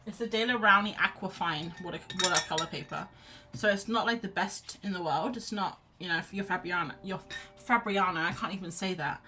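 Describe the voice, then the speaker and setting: A woman's voice: fairly low pitch, brisk, background noise. A woman hosting a casual live painting chat, chatty and self-deprecating, laughing often. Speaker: art livestream host.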